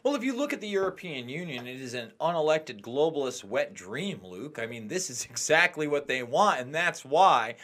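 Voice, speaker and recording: Male co-host, heated mocking commentator, high sharp tone with wide swings. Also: expressive, moderate pace, few pauses. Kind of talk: casual political commentary.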